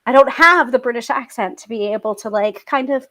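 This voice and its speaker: A woman's voice: on the high side, normal speed, fairly bright tone. Young american woman, livestream host, chatty, rambling, lots of fillers, laughs often. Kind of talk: casual livestream chat, reading viewer comments.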